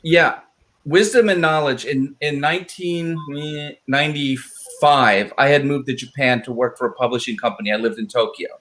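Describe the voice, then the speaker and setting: A man's voice: medium pitch, normal speed. A man, the film's writer, telling stories in a casual live panel chat and acting out quoted lines. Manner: animated, acts out quoted lines in voices. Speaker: writer of the film.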